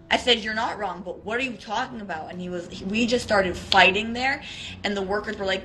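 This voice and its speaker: Guest: woman from Israel, bright forceful voice, lively storyteller, casual chat. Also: medium pitch, quick pace, low-quality recording. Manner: animated storyteller with many likes. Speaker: interview guest. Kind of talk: casual video-call chat.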